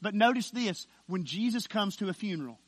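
A man preaching a sermon as pastor, emphatic, dropping to a hush and then rising loud with slow stressed words. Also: sits high, animated, dry recording.

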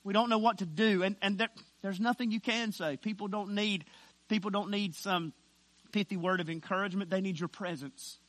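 A man preaching a sermon as pastor, emphatic, dropping to a hush and then rising loud with slow stressed words. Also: high voice, steady tone, no room sound.

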